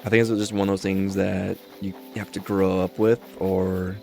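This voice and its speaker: A man's voice: low voice, little pitch movement, normal speed, gravelly, warm tone, soft background music. A man streamer chatting casually while he plays a game, rambling and easygoing as he thinks aloud. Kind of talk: casual chat while gaming.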